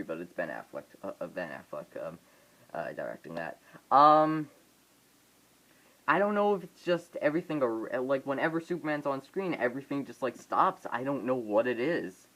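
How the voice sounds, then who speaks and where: A man's voice: mid-range voice, a bit bright, rough recording. Guy rambling into his phone, lots of ums and restarts, casual vlog review. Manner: rambling, halting, many fillers and restarts. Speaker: vlogger reviewing a film. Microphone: phone camera.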